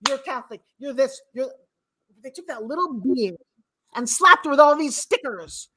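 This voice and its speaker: Middle-aged woman, slightly high voice, a blunt and forceful speaker mentoring a crowd. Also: animated, normal speed, husky. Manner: blunt and emphatic, with sharp swings in loudness. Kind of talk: casual motivational talk.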